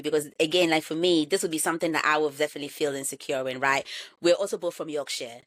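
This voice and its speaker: A young woman who grew up in Ghana hosts a relaxed podcast conversation. Her voice sits a bit low, and she talks with animated emphasis and frequent laughter. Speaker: podcast host. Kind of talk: casual podcast chat.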